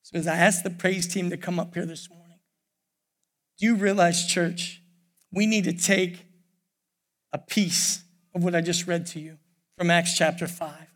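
An older man preaching a sermon in a church, pausing often and calling out "church". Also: high voice, fairly even intonation. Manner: preaching with many pauses, repeating "church". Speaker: pastor. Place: church sanctuary. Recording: worship music under the voice. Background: soft piano and keyboard.

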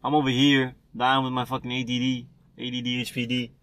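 Fast-talking young man, profane storyteller. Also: medium pitch, completely flat delivery, fairly bright tone, slight background noise. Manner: profane, rambling storytelling, laughs often. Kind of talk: casual chat.

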